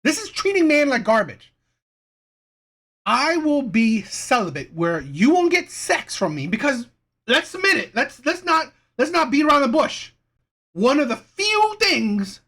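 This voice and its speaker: A woman's voice: sits high, a bit bright. A woman host giving an indignant, emphatic reaction commentary on a clip.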